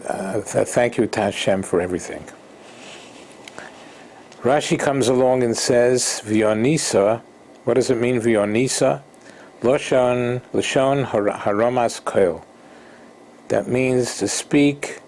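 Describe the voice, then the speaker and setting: A man teaching an informal Torah lesson, halting and repeating himself, mixing Hebrew terms into English. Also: on the low side, a little mellow, a little hiss or hum. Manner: slow, halting, repeats words and restarts.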